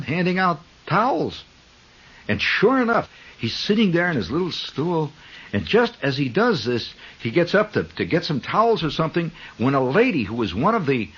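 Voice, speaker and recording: A man's voice: on the high side, fairly bright tone, breathy edge. A man hosting a 1970s radio show, telling a long story in a rambling monologue full of asides and restarts. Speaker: radio host. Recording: dull 1970s radio broadcast.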